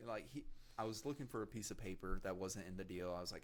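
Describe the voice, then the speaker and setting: Man in his twenties, podcast guest: flat, monotone delivery, halting with fillers, low-ish voice. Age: 20s. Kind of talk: casual chat.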